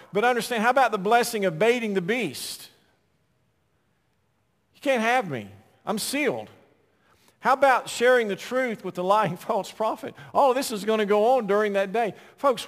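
A man preaching a sermon, swinging from loud emphatic lines to soft, quiet storytelling. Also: high-pitched, long reverb tail. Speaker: pastor.

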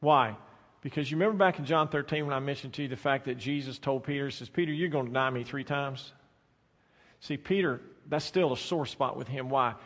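A man preaching a sermon as pastor, swinging between soft, drawn-out phrases and loud, emphatic bursts. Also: medium pitch. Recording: long reverb of a large hall.

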